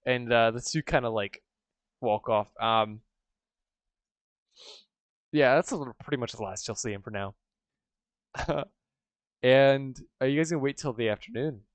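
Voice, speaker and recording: Smooth-voiced man narrating a tabletop game. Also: mid-range voice, measured pace, long pauses, no room sound. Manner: casual, rambling, many fillers. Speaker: game master.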